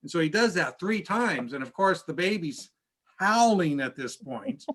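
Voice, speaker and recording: A man, a pastor, telling stories in a casual church class, chatty and halting with frequent restarts. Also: a little high, lively intonation, fairly bright tone. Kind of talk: casual storytelling lesson.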